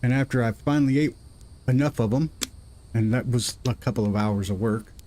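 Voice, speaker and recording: A man's voice: medium pitch, brisk, warm tone, a little hiss or hum. Chatty man streaming gameplay live. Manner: chatty, self-deprecating, rambling. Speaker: gaming livestream host.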